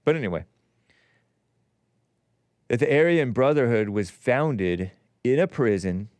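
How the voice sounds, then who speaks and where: A man's voice: mid-range voice, animated, measured pace, a little mellow, no room sound. A man hosting a call-in talk show, rambling and combative, laughing at his own jokes.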